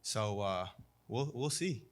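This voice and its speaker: A man's voice: fairly low pitch, expressive, slow pace. A young man in a post-fight interview, talking confidently and cockily, with frequent "you know" fillers.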